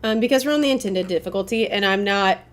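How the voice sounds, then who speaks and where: A woman's voice: medium pitch, fast. A woman streamer chatting casually with her viewers while playing a game, rambling and hedging as she talks. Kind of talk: casual gameplay commentary.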